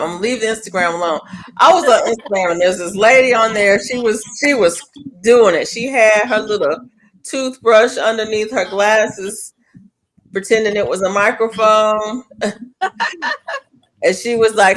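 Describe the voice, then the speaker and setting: A middle-aged woman hosting a casual chat with friends, telling animated stories and laughing often. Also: medium pitch, normal speed, rough recording. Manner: animated storyteller, laughs often, Southern-style "y'all". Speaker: show host.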